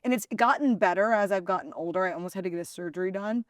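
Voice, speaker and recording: A woman hosting a podcast in casual chat, with a raspy, slightly gravelly voice, chatty and laughing often as she tells stories. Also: medium pitch, quick pace, dry recording, clean studio sound. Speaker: podcast host.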